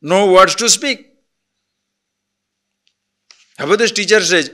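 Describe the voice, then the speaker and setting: A man gives a spiritual discourse as a teacher. He asks rhetorical questions and swings from emphatic to soft. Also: sits high, brisk, hardly any pauses.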